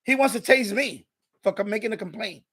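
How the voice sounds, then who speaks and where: A man hosting a casual live stream, telling a story in an animated, ranting way and chatting with viewers. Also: high voice, brisk, husky.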